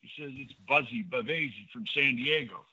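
An older man and former pitcher, a guest in an interview, telling anecdotes in a lively way and acting out the dialogue. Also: normal speed, breathy edge. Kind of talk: storytelling in a casual interview. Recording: dull lo-fi audio.

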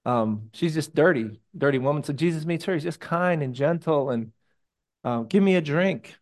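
A man preaching a sermon in a conversational, animated way, with jokey personal stories, hushed asides and sudden loud bursts. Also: on the high side, moderate pace. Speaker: pastor.

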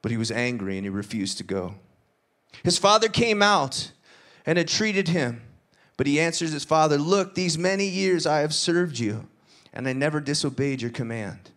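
A man preaching a sermon, retelling a parable with lively acted-out dialogue and casual asides. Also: normal speed. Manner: animated storytelling, acts out dialogue with shifting pitch. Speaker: pastor.

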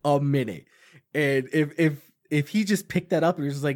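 A young man from Long Island, co-hosting a casual podcast chat, animated and swearing freely while acting out quotes. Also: on the high side, normal speed. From Long Island, New York. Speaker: podcast co-host.

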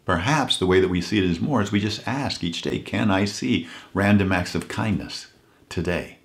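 A man giving an earnest inspirational talk, telling a story and slowing down to stress key points. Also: low-pitched. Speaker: motivational speaker.

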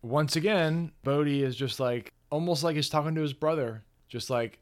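A man co-hosting a casual movie review podcast, retelling scenes and quoting characters in a relaxed drawl. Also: fairly high pitch, moderate pace, hardly any pauses. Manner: chatty, quotes characters in a laid-back voice. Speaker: podcast co-host.

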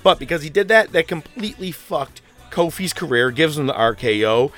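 A man's voice: a little high, animated, normal speed, fairly bright tone, soft background music. Rambling, cursing male podcast host. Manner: rambling and profane, with fillers and laughs. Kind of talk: casual podcast chat.

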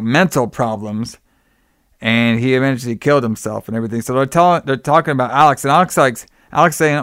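A man's voice: mid-range voice, fairly bright tone, no room sound, clean studio sound. A young man casually recapping a film's plot, rambling with lots of "like" and "you know.". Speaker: podcast co-host recapping a film. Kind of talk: casual chat.

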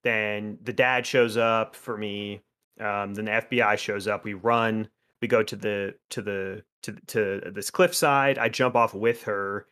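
A man with a somewhat low voice chatting casually about a game. He is mild and even, and quietly sets the story straight. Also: a little slow, smooth. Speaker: gamer discussing a story game. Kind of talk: casual chat.

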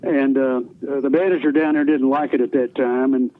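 In a storytelling interview, an older man, a retired radio DJ, shares rambling, folksy recollections of his radio career, with many restarts. His mid-range voice is steady in tone and a little fast, and the recording is tinny phone-line radio audio.

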